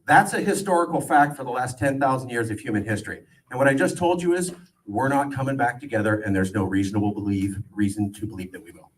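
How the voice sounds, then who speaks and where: A man in his forties from California giving an animated, joking political speech to a crowd, with a sarcastic edge. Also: mid-range voice, fast talker. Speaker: political campaigner speaking to a crowd. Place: event gathering. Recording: voice distant from the mic.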